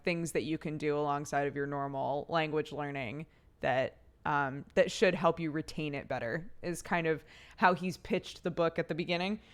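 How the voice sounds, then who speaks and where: Smooth-voiced woman streamer chatting casually. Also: low-pitched, fairly bright tone. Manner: rambling, laughs often, swears casually. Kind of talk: casual chat.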